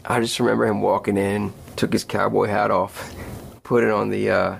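A man's voice: on the low side, level tone, moderate pace, creaky, slight background noise. A man earnestly telling a personal story about writing a song, reflective in tone. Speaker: guest musician.

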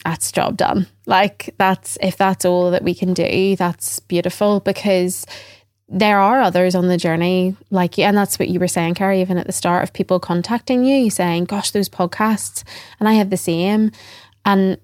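A woman's voice: lowish voice, fairly even intonation, normal speed, a little mellow, no room sound, clean studio sound. A middle-aged woman, speaking earnestly and reflectively as a podcast guest, often quoting what people said to her. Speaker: podcast guest, trainer and former teacher. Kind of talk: conversational interview.

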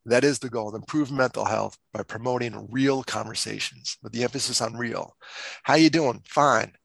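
A man telling stories on a podcast as guest, animated and acting out quotes in other voices. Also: mid-range voice, normal speed, gravelly, no room sound. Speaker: guest speaker. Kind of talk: casual storytelling.

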